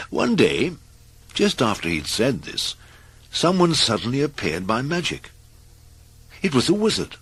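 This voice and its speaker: A man reading a cartoon story as its narrator, in an expressive storytelling manner. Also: mid-range voice, normal speed, breathy edge.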